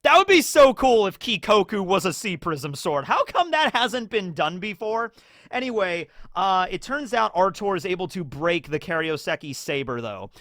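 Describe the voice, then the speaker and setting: A man's voice: sits high, normal speed, no echo, studio quality. A man hosting a casual discussion show, talking chattily with lots of fillers and acting out scenes. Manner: animated, acts out scenes in character voices. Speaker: YouTube host.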